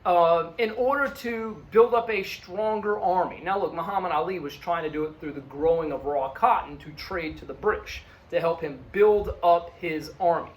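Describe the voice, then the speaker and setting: A man's voice: sits high, slight background noise. A male history teacher lecturing in a conversational way, checking in with the class often. His voice swings widely and animatedly, rising and falling as he stresses points. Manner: conversational, frequent "okay?" and "look" check-ins.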